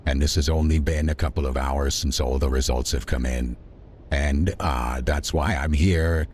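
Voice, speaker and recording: A man's voice: very deep voice, fairly even intonation, normal speed, a little mellow, slight background noise. A man streaming a video game, rambling in a chatty way and talking back to his chat. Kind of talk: livestream gameplay commentary.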